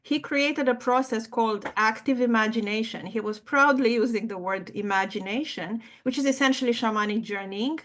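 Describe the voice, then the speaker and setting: A woman with a somewhat high voice hosts a conversation, speaking thoughtfully and stopping to hunt for words. Her sentences circle back and restart as she builds her point. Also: normal speed, few pauses, a bit bright. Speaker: host. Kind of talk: conversational interview.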